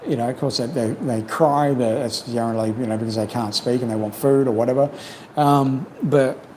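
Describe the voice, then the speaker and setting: A man hosting a casual livestream chat, rambling and reflective, full of "you know", his voice slightly croaky from long talking. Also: medium pitch, fairly even intonation, a little fast, mellow, a little hiss or hum, rough recording. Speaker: livestream host. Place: home in Cambodia.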